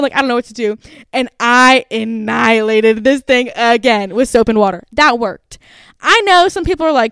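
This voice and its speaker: Animated young woman telling a story. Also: a little high, fairly quick, smooth, no echo, studio quality. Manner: animated, breathless, full of "like" fillers. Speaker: podcast host. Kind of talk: casual storytelling.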